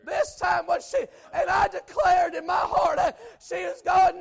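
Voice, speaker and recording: A man preaching a storytelling sermon in folksy speech, swinging from hushed asides to shouted exhortation. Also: very high-pitched, little pitch movement, unhurried, creaky, some chatter behind. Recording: church service with congregation responses. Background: congregation.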